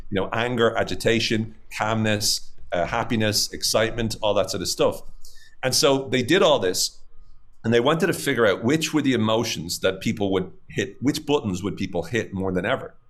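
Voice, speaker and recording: A man's voice: fairly low pitch, moderate pace. A man talking as a podcast guest, explaining ideas in casual conversation, with many fillers and lists of examples. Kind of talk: casual interview talk.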